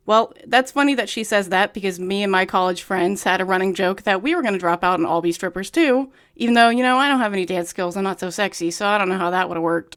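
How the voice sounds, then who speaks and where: A woman's voice: mid-range voice, quick pace, few pauses, fairly bright tone. A young woman reading a book aloud and breaking in with sarcastic, nitpicky commentary in a casual tone.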